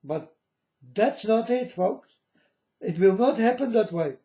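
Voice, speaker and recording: A man with a high but mellow voice lectures slowly, preaching at his viewers and pressing them over and over. The sound is dull and lo-fi, with a roomy echo. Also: animated. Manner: lecturing, repeats "folks" and "you understand". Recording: echoey room, dull lo-fi sound.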